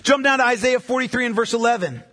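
A male pastor delivering a sermon with a high, bright, slightly breathy voice. He is emphatic, slowing deliberately when reading scripture aloud. The sound carries a long reverb from a large church hall.

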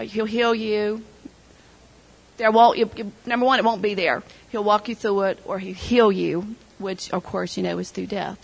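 A woman's voice: medium pitch, gravelly, rough recording. A middle-aged woman sharing an emotional personal testimony with her church group, retelling conversations as she goes. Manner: emotional storytelling, quoting others.

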